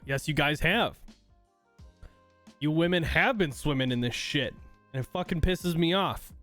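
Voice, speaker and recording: A man's voice: a little high, a little slow, fairly bright tone, faint music behind. Heated, swearing male streamer. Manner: heated, profane, exasperated. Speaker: streamer host. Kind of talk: casual livestream rant, reading chat.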